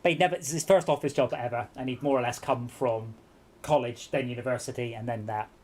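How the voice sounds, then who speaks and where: A man's voice: mid-range voice, fairly even intonation, fast talker, a little mellow, slight background noise. A man hosting a casual game-night stream, telling rambling anecdotes full of restarts. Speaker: stream host. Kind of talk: casual chat.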